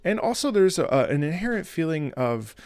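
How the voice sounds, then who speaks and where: Man hosting a casual music breakdown, gravelly tone, slightly high voice, dry close sound. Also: sing-song, brisk, darkish tone, dry recording. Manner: musing, explanatory, often hums or sings lines. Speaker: music reaction host.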